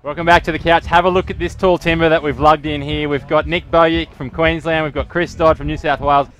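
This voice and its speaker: An Australian man co-hosting a live-stream athletics broadcast, teasing guests in quick, jokey banter. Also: on the high side, flat delivery, fairly bright tone, highs cut off, faint music behind. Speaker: co-host.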